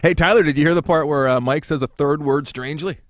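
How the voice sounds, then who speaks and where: A man's voice: on the high side, fast talker, a little hiss or hum. A man hosting a podcast in casual chat, with wry, teasing banter. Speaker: podcast host.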